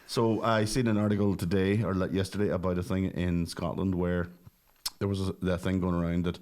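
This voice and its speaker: A podcast co-host telling a story in loose, casual chat and breaking into laughter often. His voice sits a bit low for a man. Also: flat delivery, a little fast, darkish tone.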